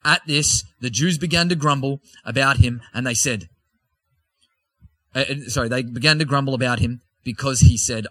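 Bright-voiced male preacher with casual asides. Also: mid-range voice, moderate pace, dry recording. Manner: conversational asides, joking with the congregation. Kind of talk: sermon with scripture reading.

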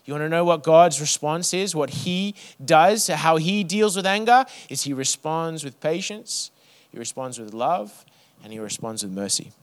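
A man preaching a sermon to his church, building rhythmic lists and then dropping to a soft hush. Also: on the high side, lively intonation, normal speed. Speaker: pastor.

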